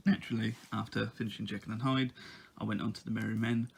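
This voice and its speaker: A man's voice: lowish voice, flat delivery, fast talker, creaky, slightly rough. A man giving a casual book review, talking in a hesitant way with lots of ums and uhs.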